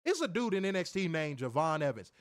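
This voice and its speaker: Fairly quick and a little high-pitched, this male podcast co-host reviews wrestling with loose, profane commentary. He's animated throughout, cursing without restraint, imitating other voices, and breaking into loud laughter.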